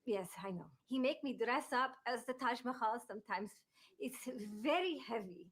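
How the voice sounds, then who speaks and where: A meek woman, trying to get a word in. Her voice sits somewhat high. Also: animated, moderate pace. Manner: meek, keeps trying to speak. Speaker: comic actress playing the wife.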